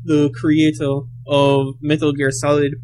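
A man co-hosts a casual movie podcast. His voice sits a little high for a man, and he rambles and stumbles, repeating words as he goes. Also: monotone, a little slow, background noise. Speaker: podcast co-host. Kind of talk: casual film chat.

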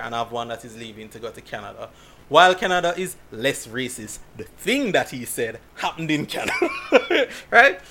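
A man from Jamaica, chatting casually and telling stories in an animated way, laughing often. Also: mid-range voice. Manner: animated storytelling with frequent laughs. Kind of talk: casual chat.

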